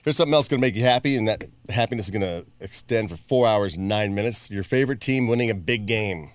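A man's voice: fairly low pitch, fast, no room sound. A man co-hosting a show, trading jokes and telling funny stories in casual banter. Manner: joking, animated storyteller. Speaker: radio show co-host.

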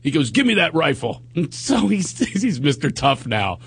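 Lively, husky-voiced male radio host. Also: a little high, normal speed. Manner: animated, laughing storyteller acting out quotes. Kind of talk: casual storytelling chat.

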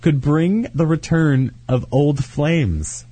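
Joking man with a husky voice. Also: on the high side, takes it slowly, dark tone, no echo. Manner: joking, laughs often, stumbles while reading. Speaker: podcast host. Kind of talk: casual chat, reading horoscopes aloud.

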